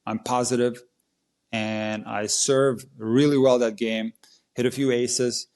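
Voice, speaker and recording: A man's voice: mid-range voice, little pitch movement, slow, a little mellow. A man speaking as a tennis coach on a casual podcast, with a voice that sits in the middle range. He retells a match vividly and with animation.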